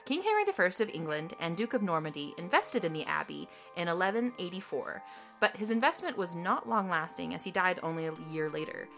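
A woman co-hosting a podcast, reading history facts in a lively way with jokey asides and laughter. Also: on the low side, a little fast, soft background music. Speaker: podcast co-host. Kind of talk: casual scripted podcast chat.

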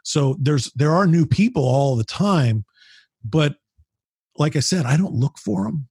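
A man with a deeply husky, raspy voice tells rambling stories on a podcast, restarting sentences and getting animated as he goes. The sound is close and dry with no room around it. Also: a little slow, no echo. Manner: animated, rambling anecdotes with frequent restarts and mild swearing. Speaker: podcast guest, founder of a business mastermind group. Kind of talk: casual storytelling conversation.

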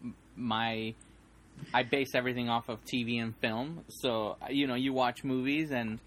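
A man's voice: mid-range voice, fairly even intonation, measured pace, a bit bright, a little hiss or hum. A man who engineers and co-hosts a podcast, chatting casually and teasing jokingly. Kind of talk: casual chat.

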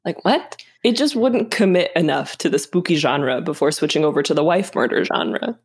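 A woman's voice: low voice, animated, brisk, slightly rough. A young woman co-hosting a podcast, recapping a film in playful, laugh-filled casual chat. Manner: laughs often, playful, acts out characters in quotes. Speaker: podcast co-host.

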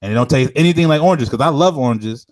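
A man's voice: mid-range voice, expressive, fast talker, darkish tone, no room sound, clean studio sound. A young man in casual chat, ranting and telling stories with lots of slang and swearing.

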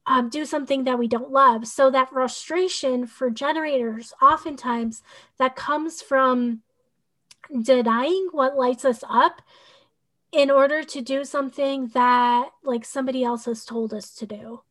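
A woman's voice: high-pitched, unhurried, fairly bright tone. A woman who works as a human design coach, talking casually in a podcast conversation. Her speech is rambling and full of "like" and "you know", with an occasional sarcastic aside.

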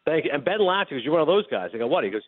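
A man telling a long anecdote as a radio guest, acting out the lines of everyone in the story. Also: on the high side. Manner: animated, fast anecdote telling with acted-out dialogue. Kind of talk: casual storytelling chat. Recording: dry phone-line sound.

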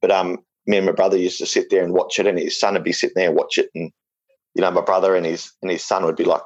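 Deep-voiced Australian man telling yarns. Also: level tone, fast, lo-fi sound. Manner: rambling, jokey, many fillers and restarts. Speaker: interviewee. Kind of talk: casual storytelling.

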